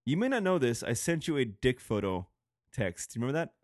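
A man's voice: mid-range voice, sing-song, brisk, no room sound, clean studio sound. A man co-hosting a show, talking in crude, rambling casual banter, swearing a lot and laughing often. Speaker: podcast co-host.

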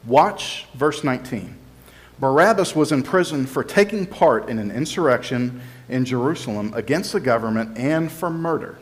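A man's voice: mid-range voice, lively intonation, moderate pace. A male pastor giving a conversational, explanatory sermon and teaching from scripture, sometimes voicing the crowd and Pilate in quotes.

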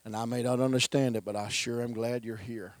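A male pastor preaching a sermon, swinging between loud declarations and hushed whispers. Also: medium pitch, steady tone, fairly quick, no echo.

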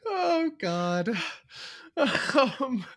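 A woman's voice: high voice, big pitch swings, very slow, fairly bright tone. A woman co-hosting a casual podcast chat, sarcastic, swearing freely and laughing often. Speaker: podcast co-host.

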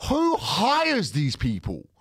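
A man's voice: high-pitched, slow pace, slightly rough, dry recording. A man co-hosting a podcast, ranting and swearing in a casual studio chat. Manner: ranting, swearing, animated storytelling. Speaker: podcast co-host.

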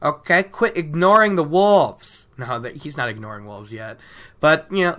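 Bright-voiced woman chatting about a book. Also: very deep voice, fairly quick. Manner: chatty, laughing, acts out characters' lines. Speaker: book discussion podcaster. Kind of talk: casual book recap chat.

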